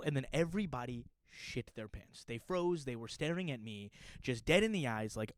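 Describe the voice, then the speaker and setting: Animated young man chatting to camera. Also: mid-range voice, a little fast, clear, resonant tone, no echo, soft background music. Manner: animated, joking, storytelling. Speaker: puppeteer and YouTuber. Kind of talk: casual chat to camera.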